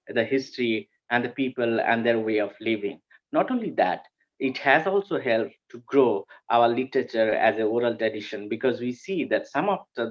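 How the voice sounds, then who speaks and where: A man's voice: mid-range voice, muffled recording. Hesitant male academic. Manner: hesitant, frequent fillers and restarts. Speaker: academic presenter. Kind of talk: conference paper presentation.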